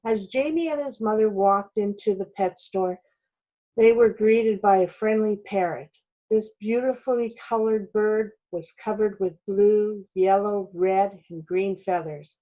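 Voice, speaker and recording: A woman reading a children's storybook aloud at a slow, careful pace. Her voice sits in a middle pitch, and the recording sounds dull and lo-fi. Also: dark tone.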